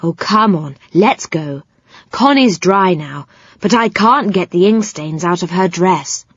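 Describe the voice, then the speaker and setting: Woman voicing a gentle, soothing fairy. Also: on the low side, slow pace, husky, dry recording, exaggerated voice. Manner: calm, soothing. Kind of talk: children's audiobook reading. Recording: slightly muffled, dry sound.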